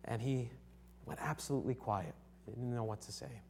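A man's voice: mid-range voice, lively intonation, fast talker, creaky, darkish tone, slight background noise. A young man from Connecticut preaching a sermon in an earnest, conversational way, often restarting his sentences and checking in with his listeners. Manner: earnest, conversational, with frequent restarts and rhetorical "right?".

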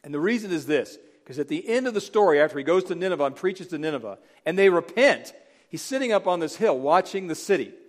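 A middle-aged man preaching a sermon, animated, acting out Bible figures in voices. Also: a little high, quick pace. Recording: long hall reverb.

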